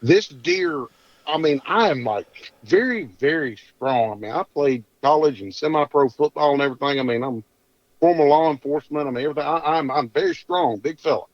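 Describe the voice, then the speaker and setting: A man's voice: a little high, brisk, dry recording. A man, a podcast guest telling a hunting story in a folksy, rambling drawl. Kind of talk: casual storytelling. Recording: dull dry lo-fi audio.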